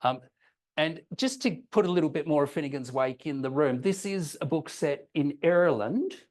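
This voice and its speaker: A man's voice: on the high side, normal speed, darkish tone. A man presenting an academic paper with slides, explaining patiently and checking in with listeners, with frequent ums and restarts. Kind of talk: conference talk with slides.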